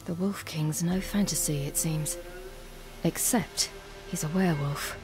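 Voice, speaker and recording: An actress voicing a composed young female monster hunter in a video game, speaking in a calm, measured, matter-of-fact way. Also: sits low. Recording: game music playing behind.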